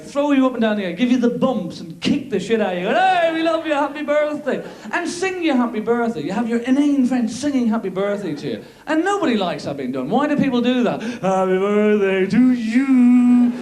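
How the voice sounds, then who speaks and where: An Irish man in his thirties doing live stand-up comedy, sardonic and quick to slip into silly put-on voices. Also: very high voice, sing-song, a little mellow. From Ireland. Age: 30s. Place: theatre stage with an audience. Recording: live theatre recording with a laughing audience.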